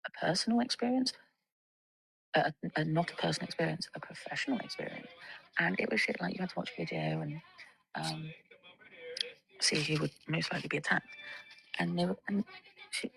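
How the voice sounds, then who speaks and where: A woman's voice: deep voice, fairly quick, creaky, pauses often, fairly bright tone, poor audio. A woman telling a candid story to camera, rambling and blunt, swearing freely. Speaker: vlogger.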